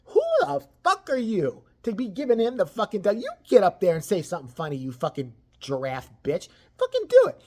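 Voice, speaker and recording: A person ranting about celebrity gossip, crude and mocking, swearing constantly and swinging between loud outbursts and low mutters. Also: big pitch swings, a little fast, hardly any pauses. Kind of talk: profane ranting commentary.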